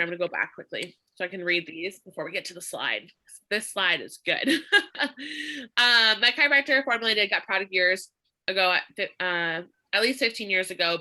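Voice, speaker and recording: A woman's voice: medium pitch, bright, forceful tone. A woman leading a live online social media training, upbeat and emphatic, laughing often as she talks.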